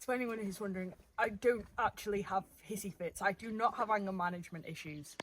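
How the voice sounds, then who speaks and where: A woman's voice: medium pitch, quick pace, noisy background. Playful young woman. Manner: playful, jokey, animated. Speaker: stable worker and video editor. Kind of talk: casual chat.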